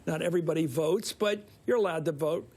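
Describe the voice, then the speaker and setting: A man's voice: on the high side, fairly quick, a little mellow, slightly rough. An older man with a Philadelphia accent hosting a cable news panel in a TV studio. He rambles and interrupts himself with folksy asides. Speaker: TV news host.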